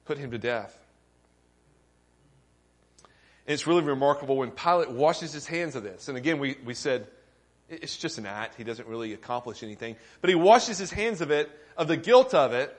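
Male pastor, slightly high voice, earnest sermon delivery, asks the congregation questions and builds emphasis. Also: animated, fairly quick.

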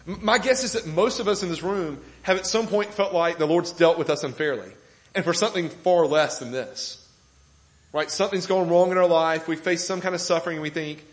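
A man's voice: fairly high pitch, a little fast, rough recording. A man preaching a sermon to a congregation, building emphasis with rhetorical questions. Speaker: pastor. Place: church room with congregation.

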